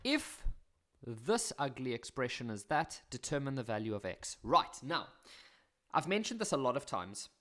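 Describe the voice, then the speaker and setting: A man's voice: mid-range voice, big pitch swings, moderate pace, a bit bright. A man with a South African accent teaching a maths lesson on video, chatty and fond of self-deprecating jokes.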